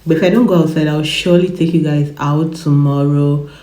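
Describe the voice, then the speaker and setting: Recorded on a phone camera in an echoey room, this twentysomething vlogger talks fairly quickly in a low, dark voice that stays steady in tone. Coughing now and then, she chats to camera, wandering off topic, repeating herself and laughing a lot.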